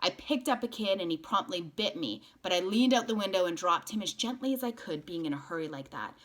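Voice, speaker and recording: A woman's voice: on the low side, expressive, brisk. Woman reading a novel aloud.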